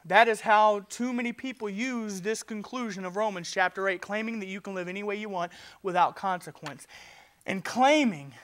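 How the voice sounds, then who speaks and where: High, bright-voiced impassioned preacher man. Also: moderate pace. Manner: impassioned preaching, swings from loud urgency to quiet; stammers and restarts. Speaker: pastor. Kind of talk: sermon.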